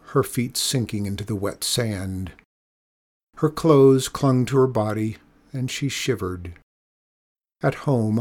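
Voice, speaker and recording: A man narrating a children's story in a measured, expressive reading. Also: fairly low pitch.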